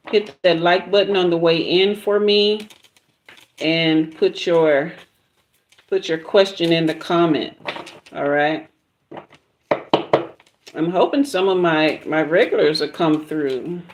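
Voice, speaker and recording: Southern woman hosting a livestream tarot reading, easygoing and slow-spoken, slightly low voice. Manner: relaxed, chatty, drawn-out pauses. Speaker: tarot reader livestream host.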